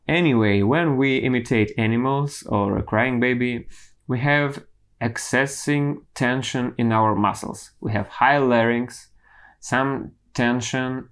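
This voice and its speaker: A man in the middle of a singing tutorial, talking through vocal technique in a deliberate, measured way. He keeps his pace slow and unhurried, with frequent pauses and small restarts as he works out how to phrase each point. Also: medium pitch, smooth. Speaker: singing teacher.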